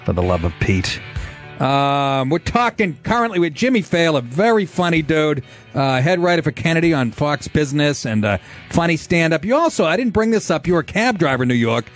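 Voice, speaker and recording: A middle-aged man hosting a podcast in casual chat, blunt and profane, talking in an animated way. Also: on the high side, brisk, faint music behind. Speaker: podcast host.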